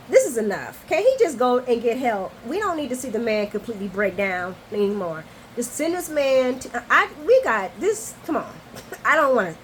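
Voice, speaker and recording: A woman hosting a casual soap opera recap, chatty, expressive and candid. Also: mid-range voice, slight background noise, rough recording.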